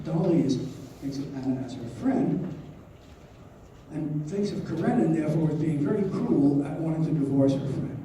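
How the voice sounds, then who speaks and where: A man's voice: fairly high pitch, normal speed, warm tone, slight background noise. A male professor giving a university lecture who explains a novel and reads passages aloud. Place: lecture hall. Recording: echoey lecture hall from far off.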